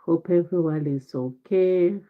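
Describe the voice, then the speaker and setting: A woman hosting a casual live stream from home, speaking slowly and greeting viewers one by one, her voice congested from a head cold. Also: fairly low pitch. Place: home in Ireland. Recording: tinny phone-like live stream audio.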